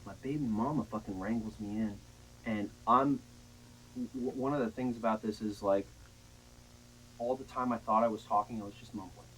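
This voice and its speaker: Young man, low-ish voice, rambling, profane, casual storytelling, faint background noise. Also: moderate pace, low-quality recording. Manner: rambling, profane, animated retelling. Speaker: storyteller guest.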